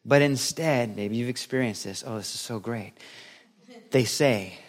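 A middle-aged man delivers a sermon as pastor, with a voice of ordinary pitch. He preaches in a lively, playful way, slipping into quick acted-out scenes to make his points. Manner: animated, playful preaching that acts out little scenes.

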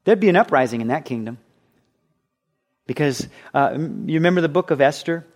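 A man preaching a sermon with a slightly higher-pitched voice. He talks in an animated way and acts out the voices he quotes. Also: brisk. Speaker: pastor.

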